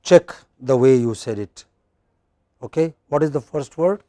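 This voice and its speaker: Slow Indian English lecturer, dry sound. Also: male voice, medium pitch, dark tone, no room sound. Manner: slow, repeats phrases and asks "okay?" often. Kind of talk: university lecture on English pronunciation.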